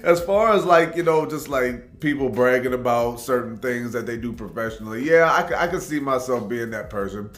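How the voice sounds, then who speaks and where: A man from Tacoma, Washington, USA hosts a reaction video, telling rambling, laid-back stories and saying "man" a lot in casual storytelling commentary. His mid-range voice is fairly bright and fairly quick, with few pauses. The recording has a roomy echo and faint background music.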